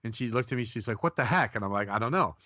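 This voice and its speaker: A low-voiced man chats casually on a radio call-in, telling long, rambling stories and acting out what people said. The audio is dull and lo-fi, and the voice sounds dry and close. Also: steady tone, rapid-fire, bright, forceful tone, no echo. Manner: rambling, many restarts, acts out quotes. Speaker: psychic medium guest. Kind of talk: casual radio interview storytelling.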